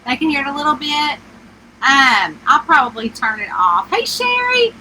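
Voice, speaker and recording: A middle-aged woman with a high, squeaky, twangy voice, chatting on a phone livestream from a small camper and greeting viewers by name. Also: big pitch swings, normal speed, bright, forceful tone, a little hiss or hum, rough recording. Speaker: author hosting a livestream. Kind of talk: casual live-stream chat. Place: inside a small camper with the air conditioner running.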